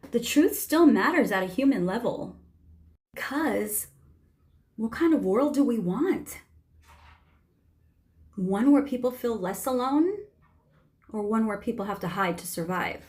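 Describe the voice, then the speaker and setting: Slow, emphatic woman preaching a point. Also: a little high, lively intonation, a little mellow. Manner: emphatic, sermon-like repetition. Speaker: vlogger. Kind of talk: impassioned spoken commentary.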